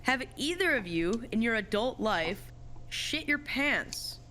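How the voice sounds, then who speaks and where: A woman's voice: on the high side, sing-song, slow pace, pushed and bright, a little hiss or hum. A woman chatting casually and playfully on a podcast, laughing often. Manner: giggly and playful. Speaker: podcast guest.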